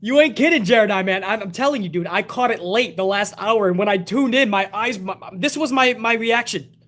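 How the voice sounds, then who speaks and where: A man's voice: high-pitched, brisk. Blunt, profane male wrestling show host. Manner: blunt, profane, animated rants. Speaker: wrestling talk show host reading live chat. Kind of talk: casual live-stream commentary.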